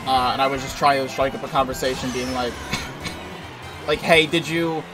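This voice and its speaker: At normal speed and with fairly even intonation, a man with a mid-range voice streams a racing game over its music. He keeps things casual, telling a wandering story about work that's loaded with filler words and the occasional curse.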